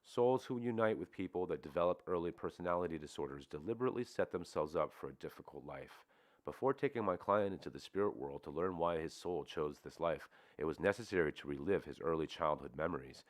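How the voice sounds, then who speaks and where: A man's voice: deep voice, animated, fairly quick. A man reading a book aloud and adding informal commentary, sometimes correcting his slips. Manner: informal asides, occasional self-corrections. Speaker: audiobook reader.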